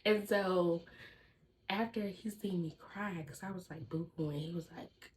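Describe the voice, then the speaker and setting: Young adult woman, lively storyteller who talks straight to her viewers, slightly low voice. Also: unhurried, a little hiss or hum, low-quality recording. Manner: lively, chatty storytelling that addresses viewers as "y'all". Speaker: vlogger. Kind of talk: casual storytime.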